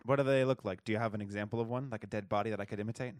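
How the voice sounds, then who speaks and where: A man's voice: lowish voice, fairly even intonation, no echo, clean studio sound. A man co-hosting an improvised role-play podcast, asking questions and cracking goofy jokes. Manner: quick, goofy and wisecracking. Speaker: podcast co-host and player.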